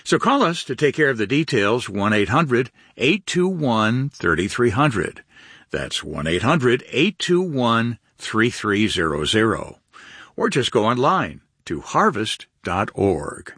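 Husky, lively radio announcer man. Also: medium pitch, takes it slowly, dry recording, studio quality.

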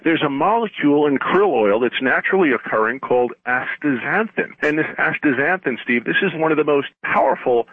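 A man in his fifties talks up supplements as the doctor on a radio infomercial, eager and persuasive. His voice is husky, with a dry close sound. The audio is thin and phone-like, as from an old radio broadcast. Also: animated, fairly quick, few pauses, no room sound. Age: 50s. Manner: enthusiastic, persuasive sales pitch.

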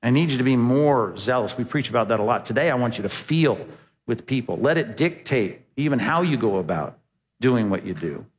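A pastor giving a sermon in a conversational, emphatic style, asking rhetorical questions. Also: male voice, mid-range voice, expressive, a little fast, in a large hall.

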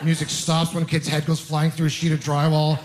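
Guy doing stand-up, kinda high voice, chatty and self-deprecating, rambles a bit. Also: monotone, fairly quick. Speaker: stand-up comedian. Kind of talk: stand-up routine. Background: audience laughter.

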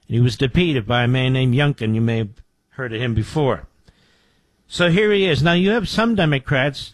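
A man's voice: medium pitch, normal speed, no room sound. A man in his sixties from the Philadelphia area hosting a political talk radio show, mocking and sarcastic, with asides to his producer. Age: 60s.

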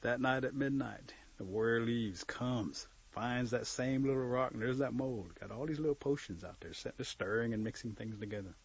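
A man telling a folk tale to listeners, lively, acting out the scenes and joking aside. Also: medium pitch, brisk, few pauses, breathy edge. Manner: lively, acts out voices, aside jokes. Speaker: storyteller. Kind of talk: oral folk storytelling. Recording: dull lo-fi recording.

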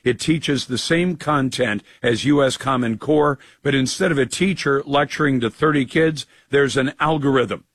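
A man hosting a talk radio show, brisk and opinionated, a little hoarse today. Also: mid-range voice, a bit bright, no echo. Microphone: studio broadcast mic.

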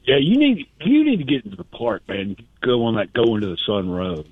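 A man's voice: mid-range voice, wildly swooping pitch, fairly quick, husky, no echo. A male caller with a mid-range voice, telling a story and filling the gaps with many fillers. He comes through a narrow, tinny phone line. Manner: chatty, filler-heavy storytelling. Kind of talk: casual chat.

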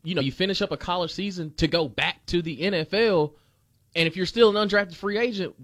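A man's voice: sits high, a little fast, a bit bright, no room sound, clean studio sound. A man joining a casual sports talk show as a guest, laid-back and conversational.

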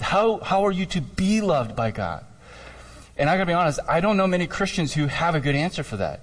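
A fairly high-voiced man delivers a sermon in an easy, conversational way, full of fillers and emphatic asides. His voice rings out with a long reverb, as in a large church sanctuary. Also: expressive, brisk. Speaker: pastor. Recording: reverberant hall.

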